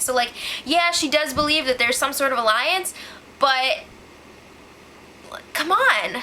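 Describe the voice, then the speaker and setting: A woman giving a casual, animated spoiler recap, exclaiming and acting out what people said. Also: sits high, a little hiss or hum, poor audio. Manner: animated, exclaiming, acts out quotes. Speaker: show recap host.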